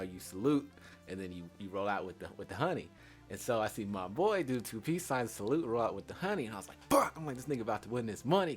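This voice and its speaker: A young man telling a comic story in a casual, slangy, profane way, acting out each exchange and swinging from loud bursts to hushed asides. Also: fairly low pitch. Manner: animated, acts out voices, swings from loud to hushed, laughs through lines.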